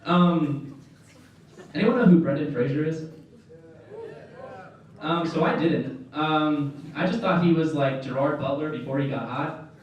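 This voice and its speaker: A man's voice: fairly high pitch, fairly even intonation, unhurried, long pauses, highs cut off. A young man doing a stand-up comedy set at a college club, rambling and self-deprecating with lots of fillers. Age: young adult. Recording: echoey room, distant mic, faint noise.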